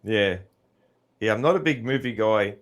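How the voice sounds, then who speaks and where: Speaking at an ordinary pace in a lowish register, this middle-aged podcast host has an Australian accent. He rambles through a relaxed interview conversation, breaking into laughter frequently.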